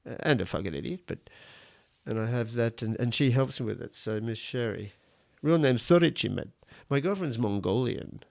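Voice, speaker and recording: A man's voice: medium pitch, vocal fry. A man in his fifties with an Australian accent, hosting a casual solo podcast from his garage, blunt and rambling, swearing and joking as he goes. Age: 50s. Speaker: podcast host. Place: home garage studio.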